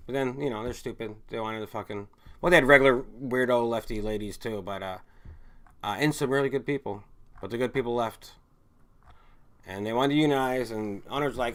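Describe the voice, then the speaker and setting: A man's voice: mid-range voice, fairly bright tone. A man hosting a casual stream, rambling and swearing as he reads viewer chat and drifts between stories. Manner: rambling, profane, trails off and restarts mid-thought.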